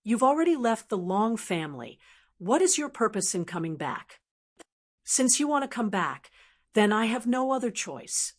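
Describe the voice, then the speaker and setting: A woman's voice: a little high, sing-song, normal speed. Woman reading as a cold sneering clan rival. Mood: scornful. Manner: sneering, threatening. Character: cold, menacing young male clan rival.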